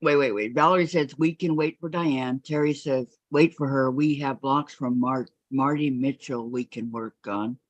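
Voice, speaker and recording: In a casual quilting live stream, a woman with a low, rumbling voice chats in a steady tone at a moderate pace with few pauses, laughing often and reading viewer comments aloud. The audio is muffled, lo-fi and dry, without echo.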